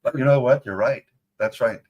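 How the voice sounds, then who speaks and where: A man hosting a casual interview, chatty and animated as he tells an anecdote. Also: medium pitch, moderate pace, muffled recording, background noise. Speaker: host.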